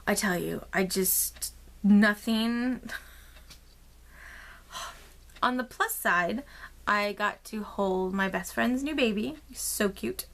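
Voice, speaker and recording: A woman talking straight to her viewers in a relaxed, rambling vlog. Her voice sits at a middle pitch, and she fills the gaps with plenty of ums as she tells her story. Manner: chatty storytelling with many fillers; rambling and expressive. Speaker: craft vlogger. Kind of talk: casual chat.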